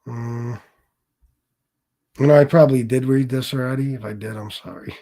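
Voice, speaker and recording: A man's voice: medium pitch, steady tone, fast, warm tone. A man hosting a casual livestream, talking bluntly with lots of cursing, repeating himself and restarting sentences as he reads chat comments. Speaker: livestream host.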